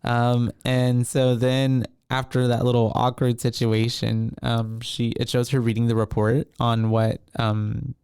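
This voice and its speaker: A man co-hosting a podcast, recapping a horror film in a relaxed, rambling way with many fillers. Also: medium pitch, measured pace, creaky, hardly any pauses, smooth, dry recording, studio quality. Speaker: podcast co-host. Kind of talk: casual film recap chat.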